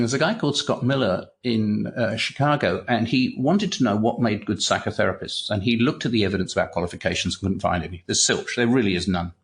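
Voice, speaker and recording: Low-voiced older man telling anecdotes. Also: a little hiss or hum. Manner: animated anecdote-telling, repeats words, swears, laughs. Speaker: guest, retired clinical psychologist. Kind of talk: casual interview storytelling.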